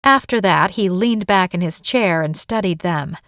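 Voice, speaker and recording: A woman author narrating her own romance novel as an audiobook, telling it in an even, gentle way. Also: on the low side, normal speed, no room sound, clean studio sound.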